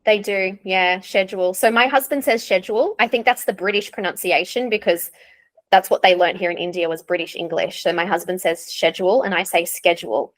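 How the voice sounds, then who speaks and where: A woman's voice: on the low side, brisk, fairly bright tone. A young woman with an Australian accent, an English teacher chatting candidly in an interview and laughing often. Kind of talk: casual interview chat.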